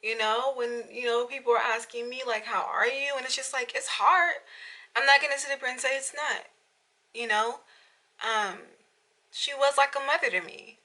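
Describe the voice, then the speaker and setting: A woman's voice: high voice, steady tone, moderate pace, bright, forceful tone, rough recording. A young woman vlogging candidly to camera at home, emotional and fighting back tears, with lots of "you know"s. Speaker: beauty vlogger. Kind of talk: casual confessional vlog. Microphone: camera in front of her.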